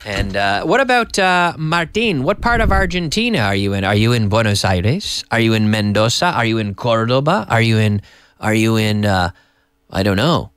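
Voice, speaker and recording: A man's voice: on the low side, sing-song, moderate pace, fairly bright tone, clear, resonant tone, no room sound. A man hosting a live-stream English lesson, chatting casually and reading out viewer messages from a TV studio. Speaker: English teacher and host.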